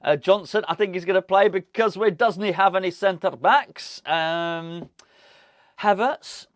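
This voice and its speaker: A man's voice: high-pitched, a little slow, fairly bright tone, dry recording, studio quality. A man hosting a football fan channel, talking casually to camera with wry, rambling asides.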